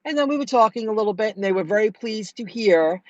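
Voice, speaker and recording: A middle-aged woman telling viewers about her delivery rounds in a chatty, animated way, acting out what people said. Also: medium pitch, fast talker, no room sound, lo-fi sound. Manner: chatty, animated retelling with quoted dialogue. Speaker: food delivery driver vlogger. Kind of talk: casual storytelling to viewers.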